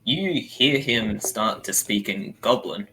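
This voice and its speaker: A man's voice: on the low side, expressive, slow pace, noisy background. A man narrating a tabletop game as game master, describing scenes in a loose, descriptive way. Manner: descriptive, loose, full of fillers.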